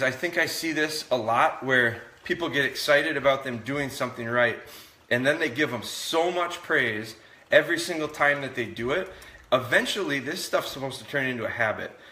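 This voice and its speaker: Man, dog trainer, bright voice, relaxed explaining, live session, roomy echo. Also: mid-range voice, normal speed. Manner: relaxed, talks to viewers while training. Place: indoors.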